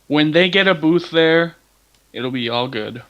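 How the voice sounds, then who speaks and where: Easygoing man with a bright voice. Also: on the high side, animated, a little slow, highs cut off. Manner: easygoing, playful. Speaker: podcast co-host. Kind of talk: casual chat.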